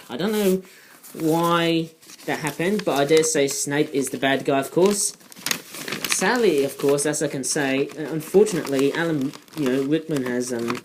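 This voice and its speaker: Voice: mid-range voice, slight background noise. Rambling toy reviewer, filler-heavy chat. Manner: rambling, digressive, many fillers. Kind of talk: casual toy review vlog.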